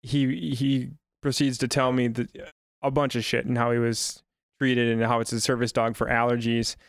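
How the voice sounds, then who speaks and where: A man who works as a general manager, telling a story in a brisk, wry way and laughing as he quotes people. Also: mid-range voice, little pitch movement, no room sound, studio quality. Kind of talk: casual storytelling.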